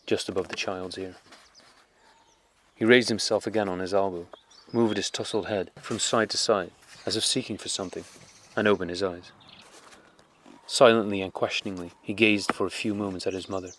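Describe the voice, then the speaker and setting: Man, audiobook narrator, lowish voice, calm, measured reading. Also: a little hiss or hum. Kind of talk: audiobook narration of a classic novel.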